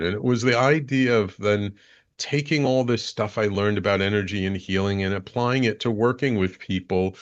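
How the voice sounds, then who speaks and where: Low-voiced middle-aged man telling his story. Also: lo-fi sound. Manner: earnest, reflective, thinks aloud with many restarts. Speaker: guest, business and life coach. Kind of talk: reflective personal storytelling in an interview.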